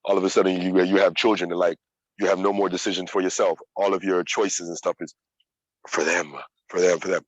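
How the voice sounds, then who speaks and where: Man, 30s, low voice, dry close mic, candid and profane storyteller. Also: little pitch movement, brisk, no room sound, poor audio. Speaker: yoga practitioner sharing his story. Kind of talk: casual personal storytelling.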